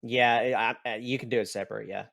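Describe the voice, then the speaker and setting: A man narrating a tabletop game as game master, in a slow and rambling way with restarts. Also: medium pitch, steady tone, vocal fry, fairly bright tone.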